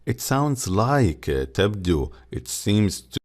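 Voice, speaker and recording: A man teaching an English textbook lesson, reading the English slowly and explaining it in Arabic. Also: fairly low pitch, sing-song.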